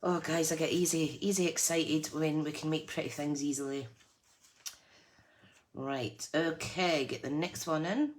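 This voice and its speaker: A woman's voice: sits low, fairly even intonation, unhurried, slight background noise. A woman hosting a live crafting tutorial, chatty and self-deprecating, laughing often as she works. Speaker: craft channel host.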